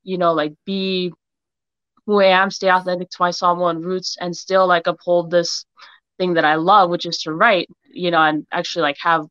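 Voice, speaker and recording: A woman's voice: on the low side, flat delivery, normal speed, a bit bright, clear, resonant tone, no room sound, dull audio. A young woman author from Hawaii, raised in Utah, chatting casually as an interview guest, giggling often and filling her talk with "like". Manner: giggly, many "like" fillers.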